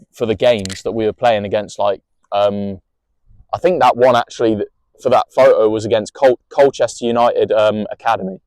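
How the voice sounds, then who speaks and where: Slow-talking young Englishman, lower voice. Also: a little mellow, smooth, dry recording. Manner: emotional, rambling, swears freely, many restarts. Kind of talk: personal storytelling monologue.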